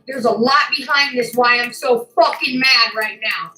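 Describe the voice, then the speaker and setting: A woman's voice: fairly high pitch, unhurried, sharp tone, roomy sound, soft background music, rough recording. A woman ranting furiously to her channel, swearing and making threats, near tears with anger. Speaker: YouTuber. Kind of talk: angry rant to camera.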